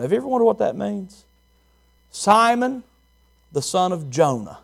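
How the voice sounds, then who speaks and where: A man's voice: sits high, very animated, normal speed, creaky, pauses often. A man preaching a sermon as pastor, repeating phrases and asking the congregation questions.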